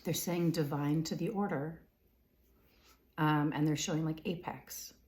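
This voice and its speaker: A woman with a notably low voice gives a spiritual reading at an unhurried pace. She relays what she senses in halting, repeated words, murmuring her own questions under her breath between them. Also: steady tone. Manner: halting and repetitive, often softly whispering questions to herself; frequent fillers and throat-clearing. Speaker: intuitive reader.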